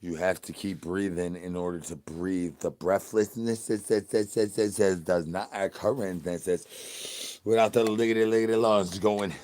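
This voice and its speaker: A man's voice: low voice, fairly even intonation, normal speed, darkish tone. A man streaming, talking in crude rambling nonsense with slangy asks to chat and sing-song chanted catchphrases. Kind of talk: rambling comic livestream talk.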